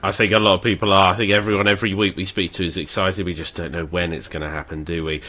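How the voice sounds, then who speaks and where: A man from Devon with a West Country accent hosts a live show. His voice sits very deep yet sounds bright and forward. He asks friendly, conversational questions. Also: little pitch movement, fast talker. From Devon, England. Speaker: show host. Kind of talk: casual live show hosting.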